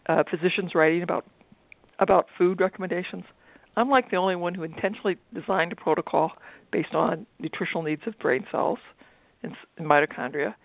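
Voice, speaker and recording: A middle-aged woman physician speaking as an interview guest, thoughtful and halting, with many fillers and restarts. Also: lowish voice, gravelly, no echo. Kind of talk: interview conversation. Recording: tinny phone-like line.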